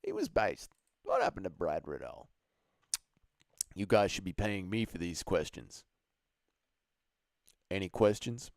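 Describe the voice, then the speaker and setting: A man's voice: low-pitched, huge pitch swings, a little slow, creaky, long pauses, no echo, studio quality. A man hosting a casual livestream, swearing freely, laughing often and answering chat messages. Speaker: livestream host.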